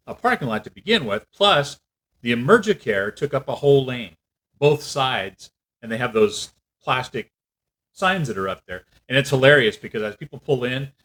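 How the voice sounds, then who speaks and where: A man telling a story in a casual rant, animated and acting out what other people said. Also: medium pitch, rough recording. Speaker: vlogger.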